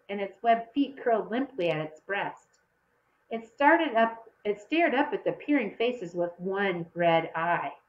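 A woman reading a children's story aloud, changing her voice to act out the young characters. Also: highs cut off. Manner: expressive, shifts pitch to act out children's voices. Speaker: audiobook reader. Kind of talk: storybook narration.

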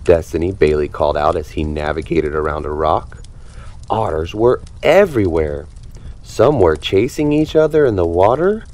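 A man reading a children's picture book aloud with expressive, animated storytelling. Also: deep voice. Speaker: storybook reader.

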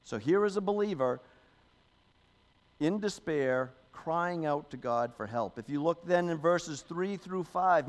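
Speaking on the high side with lively intonation and a slightly slow pace, a man preaches a sermon. As a pastor he talks conversationally, tossing in "okay?" and "you know," and gives emphasis to the scripture he reads aloud.

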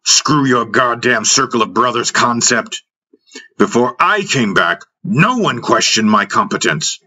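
A man's voice: low-pitched, a little slow, pushed and bright, heavily acted. A man voicing a cruel, arrogant young warrior who speaks with scorn and contempt. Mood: scornful. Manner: scornful, dismissive.

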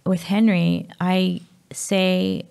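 A woman's voice: lowish voice, flat delivery, drawn-out words, creaky, smooth. A woman from Malta, a mother and podcast guest, talking openly in a casual interview and telling her story. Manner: open, storytelling, drops to a hush for quoted words.

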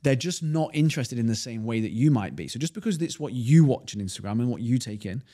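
A man's voice: mid-range voice, expressive, quick pace, warm tone. A man co-hosting a casual podcast in a studio, chatty and rambling, laughing often. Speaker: podcast co-host.

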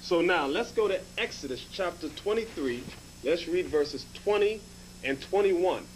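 High-voiced man teaching scripture. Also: expressive, a little slow, a little hiss or hum, rough recording. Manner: explanatory, repeats points, prompts "read". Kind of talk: Bible lesson, directing a reader.

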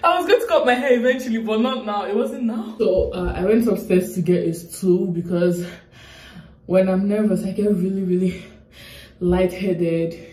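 A young Nigerian woman vlogs from a room at home, chatting straight to the camera in a rambling, emotional way. Her medium-pitched voice holds a steady tone at normal speed, sounding dark and roomy.

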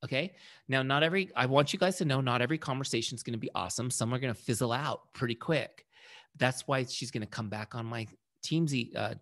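A man's voice: medium pitch, fast talker, fairly bright tone. A man leading a casual sales training session, telling a story and acting out quoted lines in a conversational way.

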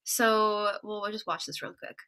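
A woman's voice: mid-range voice, steady tone, normal speed, sharp tone. A woman giving a casual music lecture over a video call, chatty and full of "like" and "um".

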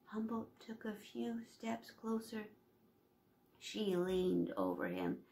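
A woman reading a children's storybook aloud in a slow, expressive way, in an echoey room heard from off-mic. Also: a little high, gravelly, far from the mic, slight background noise. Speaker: reader to children and dogs.

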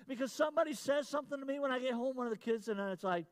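High-voiced pastor preaching with swings. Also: male voice, very fast, hardly any pauses. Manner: swings from loud emphatic lines to low confiding asides, repeats key phrases. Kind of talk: sermon.

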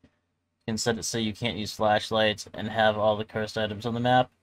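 A man chatting casually while setting up a co-op game for his friends, upbeat and quick to react. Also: on the low side, flat delivery, poor audio. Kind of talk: casual gaming chat.

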